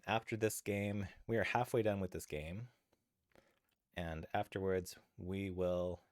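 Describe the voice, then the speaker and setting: A man's voice: deep voice, no room sound, studio quality. A man streaming board games, greeting viewers and thinking aloud about his moves in casual chat. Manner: chatty, thinks aloud over game moves. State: a little out of breath at times. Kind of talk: casual live-stream chat while playing.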